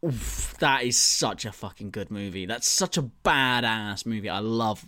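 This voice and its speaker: A man's voice: fairly low pitch, unhurried, bright, forceful tone, no echo, studio quality. A man co-hosting a casual podcast, thinking aloud as a quiz contestant, swearing freely and laughing.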